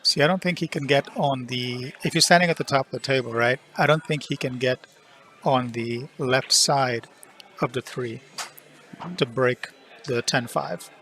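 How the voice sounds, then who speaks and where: A man's voice: medium pitch, moderate pace, fairly bright tone. A man commenting live on a pool match into a headset, joking and giving firm opinions on the shots.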